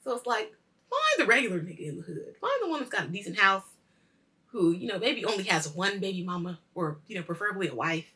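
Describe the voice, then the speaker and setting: Animated woman recapping a show, swears a lot, bright sharp voice, acts out the scenes. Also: medium pitch, quick pace. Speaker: host of a weekly culture show. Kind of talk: casual episode review.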